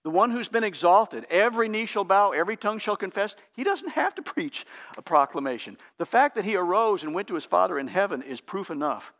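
A pastor preaching a sermon in an earnest, emphatic, teacherly way. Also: male voice, high voice, sing-song, brisk, fairly bright tone.

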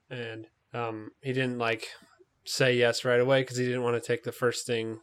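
A man's voice: mid-range voice, little pitch movement, moderate pace, a bit bright, smooth. A man hosting a casual movie podcast, chatting loosely with fillers and side tangents. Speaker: podcast host.

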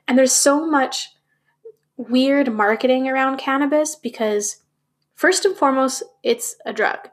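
Speaking a little slowly in a voice that sits high, a woman shares candid personal talk with her viewers. She second-guesses herself and drops the occasional swear word.

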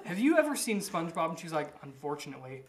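A man's voice: high-pitched, sing-song, fast. A man co-hosting a casual podcast, telling teasing stories about coworkers. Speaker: podcast co-host. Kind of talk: casual chat.

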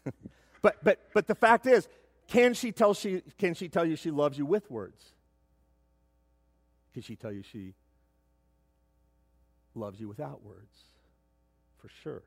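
A middle-aged man preaching a sermon as pastor, emphatic, often repeating words as he builds to loud points. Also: fairly high pitch, takes it slowly, long pauses, breathy edge, no echo. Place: church sanctuary.

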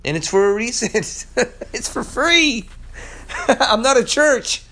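High-voiced male podcast preacher. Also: animated, slow, bright, forceful tone. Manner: emphatic, repeats words, many restarts. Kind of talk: verse-by-verse sermon podcast.

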